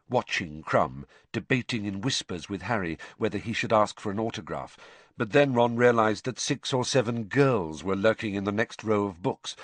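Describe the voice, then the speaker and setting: A man narrating an audiobook in an expressive, measured way. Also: on the low side, no room sound.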